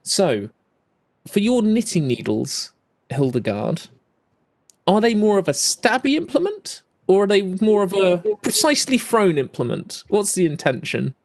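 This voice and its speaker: A man's voice: high-pitched, big pitch swings, unhurried, vocal fry. A man narrating as game master, describing scenes and rules with plenty of ums and "kind of".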